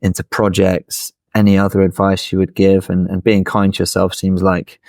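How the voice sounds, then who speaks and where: A man hosting an interview, asking gentle and measured questions. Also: low-pitched, completely flat delivery, creaky, no room sound, clean studio sound. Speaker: podcast host.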